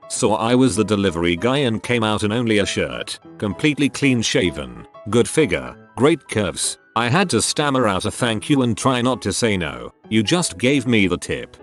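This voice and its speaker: A man with a fairly low voice reads out forum stories, his pitch rising and falling in a lively, animated way. Faint music plays softly behind him. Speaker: narrator. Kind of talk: reading forum posts aloud.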